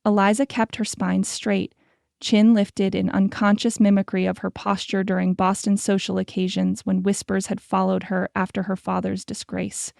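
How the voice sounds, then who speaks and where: A woman narrating a historical romance audiobook in a steady, scripted storytelling manner. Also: mid-range voice, moderate pace, vocal fry, no room sound, clean studio sound.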